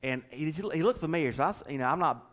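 Southern pastor telling a story. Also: male voice, fairly high pitch, fast talker. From American South. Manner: animated storyteller, chuckles, repeats words. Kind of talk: casual chat with co-hosts.

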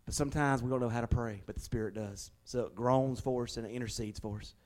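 A male pastor, preaching a sermon in a folksy, conversational way and leaning on slowed, emphatic stresses. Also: mid-range voice, steady tone, a little mellow. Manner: emphatic, with slowed dramatic stresses and acted-out prayers.

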